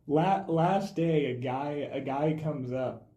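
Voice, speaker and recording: A young man, a film student, telling production stories in a casual podcast chat, animated and growing loud when excited. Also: on the high side, slow pace, a little hiss or hum. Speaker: film student director, guest. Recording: roomy echo.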